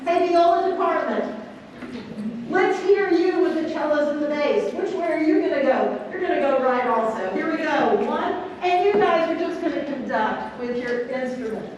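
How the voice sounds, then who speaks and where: High-voiced woman coaching a youth orchestra. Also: normal speed, darkish tone, a little hiss or hum. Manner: counts beats aloud, sings counts, quizzes students. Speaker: string orchestra clinician. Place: large convention rehearsal hall. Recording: echoey hall from far off.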